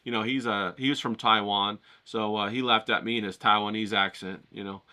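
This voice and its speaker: A man with a fairly low, fairly even voice and a brisk, sharp tone hosts a painting channel from his desert home. He rambles enthusiastically through casual motivational vlog talk, full of fillers and offhand swearing.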